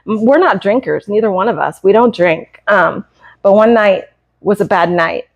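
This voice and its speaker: A woman in her fifties from the United States, a cat breeder on a live stream, telling a hard personal story in a halting, earnest, emotional way. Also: mid-range voice, dull audio. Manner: halting and earnest, with many hesitations. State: emotional, close to tears.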